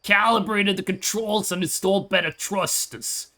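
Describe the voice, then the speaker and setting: A man's voice: high-pitched, fairly even intonation, normal speed, sharp tone. A man voicing a tiny, cheerful alien tinkerer in a silly cartoonish voice while playing a game.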